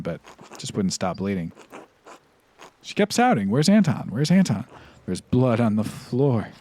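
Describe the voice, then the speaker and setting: A man's voice: low-pitched, a little mellow, a little hiss or hum, natural voice. Man reading as a caring grown daughter. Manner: read aloud from on-screen game text.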